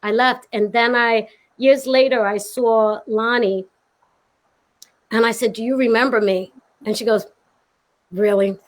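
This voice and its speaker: A woman's voice: a little high, steady tone, measured pace. A woman with a Brooklyn accent, an actress guest on a video call, telling a story vividly and acting out the quotes. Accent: Brooklyn New York. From Brooklyn, New York. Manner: vivid, emotional, acts out quotes. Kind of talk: animated storytelling. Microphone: video call mic.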